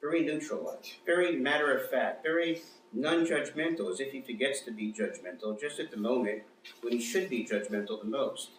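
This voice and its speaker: A man's voice: medium pitch, moderate pace, distant mic. A man giving a live reading of his own fiction to an audience, in a dry, wry storytelling manner. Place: small performance venue with audience. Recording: echoey room, mic from afar, faint noise.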